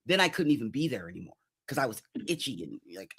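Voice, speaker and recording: A woman in her fifties, a coach, telling her own story in an interview in a lively, conversational way and often checking in with "right?". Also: extremely low pitch, fast, breathy edge. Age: 50s. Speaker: executive coach guest.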